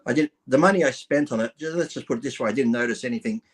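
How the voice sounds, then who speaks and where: A man's voice: mid-range voice, racing, breathy edge. An Australian man in his fifties, a guest trading irreverent crude jokes in casual banter. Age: 50s. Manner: irreverent, tells dirty jokes with put-on character voices.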